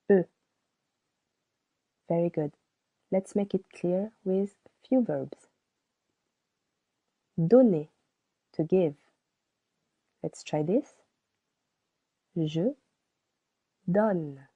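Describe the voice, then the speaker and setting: A woman's voice: on the low side, vocal fry, husky. A woman teaching a beginner French lesson, spelling out letters and saying each example word twice. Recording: tinny phone-like sound.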